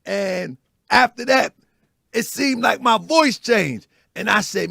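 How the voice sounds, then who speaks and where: A man with a raspy, gravelly voice hosts a casual morning talk show, telling stories loudly and with a lot of animation. His voice sits high for a man. The recording is dry and close, with no room sound. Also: takes it slowly, no echo. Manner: loud, animated storytelling with laughs. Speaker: host.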